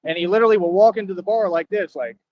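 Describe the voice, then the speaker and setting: High-voiced man ranting, lo-fi. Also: fairly even intonation, very fast, noisy background. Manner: boastful, confrontational, repetitive taunting. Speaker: streamer. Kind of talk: ranting monologue. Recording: dull lo-fi sound.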